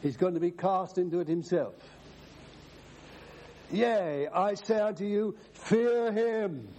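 A male preacher delivers an emphatic sermon, quoting scripture at length. His voice sits a little high, with a mellow, dark tone. He speaks slowly, with wide swings of pitch. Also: muffled recording, slight background noise.

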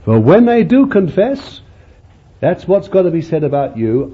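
A man's voice: sits high, very animated, a little slow. A man preaching a sermon in a folksy, conversational way, often adding "you see" as an aside. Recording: muffled lo-fi recording with faint hiss.

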